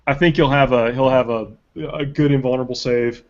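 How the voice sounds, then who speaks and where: A man hosting a casual live webcast chat and reading viewer questions, animated and rambling with restarts. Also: medium pitch, brisk, dull audio. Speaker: webcast host.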